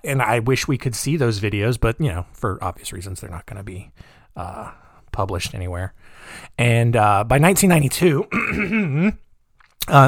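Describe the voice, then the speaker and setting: A man tells a true-crime story in a casual, joking way and wanders off into personal asides. His voice is of middling pitch. It is recorded close and dry, with no room sound. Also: no room sound. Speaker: podcast host.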